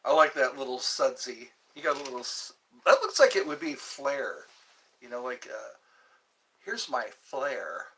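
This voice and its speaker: A man's voice: mid-range voice, lively intonation, moderate pace, a bit bright, distant mic, slight background noise. A man hosting a casual livestream, rambling and joking as he chats with his viewers. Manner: rambling, jokey, chatting with viewers. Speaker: livestream host.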